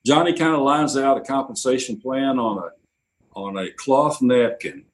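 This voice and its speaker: A man's voice: mid-range voice, a little slow, a little hiss or hum, rough recording. Older man telling radio-career stories. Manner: anecdotal, quotes others in lively bursts. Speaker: interview guest, radio executive. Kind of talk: storytelling interview.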